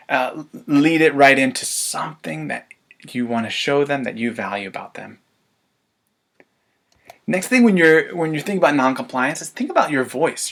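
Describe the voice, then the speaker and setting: A man giving a parenting webinar, lively and laughing often, acting out everyday demands parents make. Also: fairly high pitch. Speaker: parenting coach. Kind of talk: webinar presentation.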